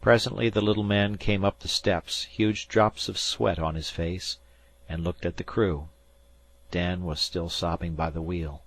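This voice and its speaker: A man reading a classic novel aloud as an audiobook narrator, slow and expressive. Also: sits low.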